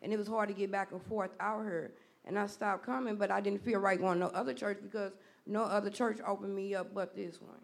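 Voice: medium pitch, flat delivery, brisk, vocal fry. A church member speaking plainly in a church about stopping coming to church for a while. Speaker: church member sharing testimony. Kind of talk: testimony. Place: church hall.

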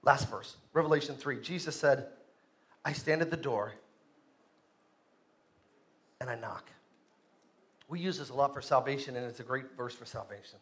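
A man preaching a live sermon to a congregation, swinging from hushed lines to shouting. He stretches phrases out for emphasis and calls on the audience to answer. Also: medium pitch, normal speed, long pauses. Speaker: pastor.

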